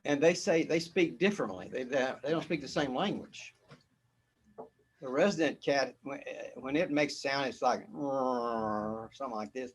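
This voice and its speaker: A man's voice: mid-range voice, normal speed, breathy edge. A man as a spiritual teacher, giving a casual, rambling talk where he often repeats words and chuckles.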